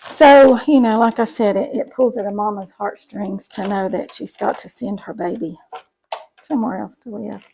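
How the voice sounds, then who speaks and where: A woman's voice: mid-range voice, steady tone, normal speed, gravelly, noisy background. A middle-aged woman, chatting folksily to viewers while cooking in her home kitchen. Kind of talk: casual cooking chat to camera.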